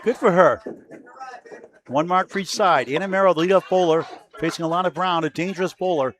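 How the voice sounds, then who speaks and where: A man's voice: high voice, fast, fairly bright tone. A man doing color commentary at a bowling match, reeling off player stats and sponsor plugs with joking banter. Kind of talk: live sports commentary.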